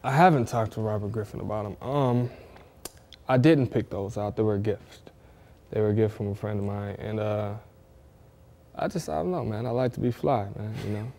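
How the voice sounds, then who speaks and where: A man's voice: on the low side, moderate pace, dark tone. A young man from Northwest Ohio, an athlete guest in a casual interview, talking in a laid-back way and often saying "man". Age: young adult.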